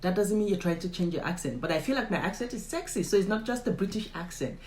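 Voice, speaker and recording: A woman's voice: on the low side, expressive, fast, darkish tone, echoey room, slight background noise, low-quality recording. A young woman with a Nigerian accent, a vlogger chatting emphatically to her viewers and laughing often. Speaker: vlogger interviewing her father. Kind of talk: casual commentary to the camera.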